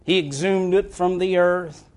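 A preacher delivers a sermon in a frank, folksy manner, breaking into chuckling asides. His voice sits high for a man. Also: fairly even intonation, a little slow. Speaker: pastor.

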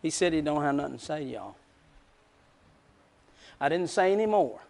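A preacher with a high, bright voice delivers a sermon as a story. He moves from quiet, folksy narration to swelling, emotive peaks. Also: animated, moderate pace, creaky.

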